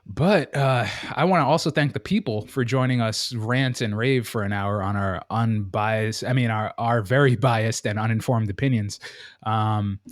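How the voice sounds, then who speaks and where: A man's voice: on the low side, moderate pace, no room sound, clean studio sound. Joking slangy Brooklyn-raised man. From Brooklyn, New York. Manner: joking, swears freely, slangy. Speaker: podcast co-host. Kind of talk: casual podcast banter.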